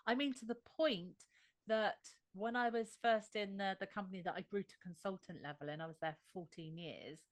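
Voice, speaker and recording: Animated Australian woman, dry close sound. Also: on the low side, dry recording. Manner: animated storyteller. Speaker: interview guest. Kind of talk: conversational interview.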